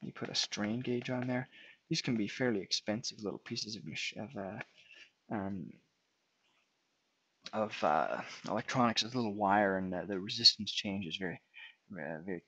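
A man's voice: fairly low pitch, moderate pace, bright, forceful tone, husky, no echo. A man giving an unscripted whiteboard lecture, explaining step by step as he draws and often restarting his phrases. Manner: unscripted, restarts and fillers while drawing. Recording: dull lo-fi sound.

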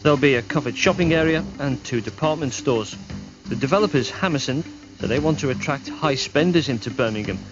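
Guy doing tv news voiceover, even and measured, muffled old broadcast sound, music under it. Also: medium pitch. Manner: measured, even reporting delivery. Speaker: news reporter. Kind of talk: scripted news narration. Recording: dull late-1990s TV broadcast audio.

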